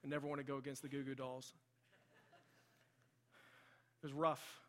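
A man's voice: mid-range voice, little pitch movement, normal speed, big-room sound. A man preaching a sermon in a church, telling a story and building to impassioned emphasis. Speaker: pastor. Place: church sanctuary.

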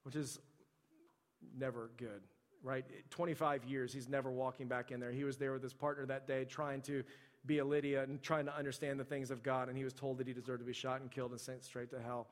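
A man's voice: medium pitch, level tone, fairly quick, big-room sound. A man preaching a sermon to his church in a loose, conversational storytelling way, leaning on "like" as he talks. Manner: conversational storytelling, heavy use of "like". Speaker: pastor.

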